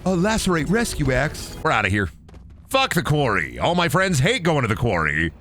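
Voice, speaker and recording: A man's voice: a little high, normal speed, faint music behind. A man streaming a game, ranting and rambling with plenty of swearing as he plays. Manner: profane, rambling, animated ranting. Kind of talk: casual gameplay commentary.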